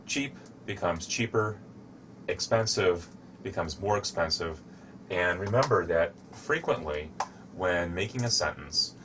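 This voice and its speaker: A man giving a slow, deliberate English grammar lesson, showing objects as he explains. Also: deep voice, noisy background. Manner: shows objects to camera while explaining. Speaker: English teacher.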